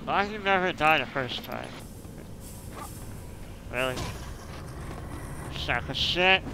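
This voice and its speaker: A frustrated man commentating his gameplay, swearing constantly and swinging between muttered complaints and yelling outbursts. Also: on the high side, lively intonation, takes it slowly, gravelly, noisy background. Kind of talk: raging let's-play commentary.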